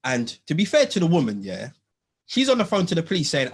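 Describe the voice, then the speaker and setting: A man, telling a story in casual chat, animated and slangy, acting out what people said. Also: on the high side, fast, a little hiss or hum. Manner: animated, slangy, acts out quotes in lively voices. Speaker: podcast host.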